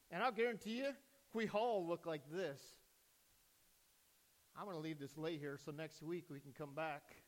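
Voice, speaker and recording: A man, a pastor, preaching a sermon in a church, swinging from hushed, slow lines to loud, excited bursts. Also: on the high side. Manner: preaching with sudden loud rises and hushed drops.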